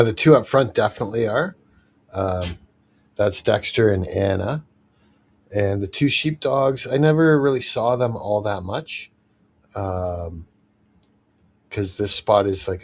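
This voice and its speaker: A man's voice: fairly low pitch, a little slow, long pauses. A man streaming live, easygoing, reading chat messages and chatting with lots of fillers. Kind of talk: casual livestream chat.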